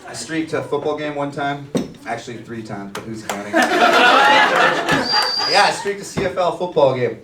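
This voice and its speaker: A man's voice: mid-range voice, expressive, moderate pace, long pauses, reverberant, distant mic, over a noisy crowd, heavy background noise. A Canadian man doing a crude, rowdy stand-up comedy set on a sports bar stage. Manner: crude, rowdy storytelling with lots of swearing.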